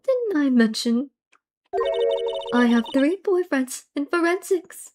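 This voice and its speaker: A woman's voice: high-pitched, expressive, slow pace, darkish tone, faint music behind, pitched above the performer's own voice. Woman putting on a smug sing-song witness lady. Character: sassy scheming female witness, former cop.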